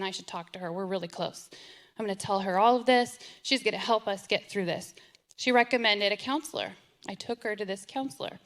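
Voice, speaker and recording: A middle-aged woman giving an earnest, emotional personal testimony as a parent, often repeating herself. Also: mid-range voice. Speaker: parent telling her story.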